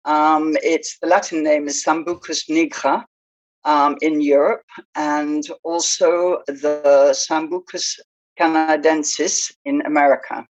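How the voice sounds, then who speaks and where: Slow, low-voiced woman guest. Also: steady tone, low-quality recording. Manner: unhurried, hesitant with many ums. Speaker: guest, small-business founder. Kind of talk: interview conversation. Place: studio.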